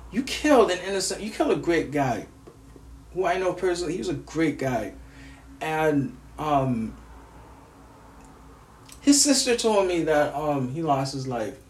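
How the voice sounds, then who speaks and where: A man's voice: sits high, roomy sound. An angry, grieving man from the United States vents in a profane vlog rant, stammering and repeating himself. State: grieving, furious.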